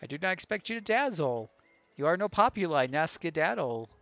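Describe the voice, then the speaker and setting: A man's voice: on the high side, very animated, a little fast, a bit bright, dry recording, highs cut off, faint music behind. A man reading a game's dialogue aloud as a curt, dismissive male trader.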